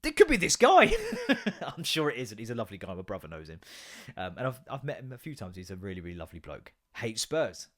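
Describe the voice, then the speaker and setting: A man's voice: lowish voice, huge pitch swings, quick pace. An English man hosting a podcast, ranting casually, swearing a lot and laughing often. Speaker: podcast host. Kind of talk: casual comedic rant.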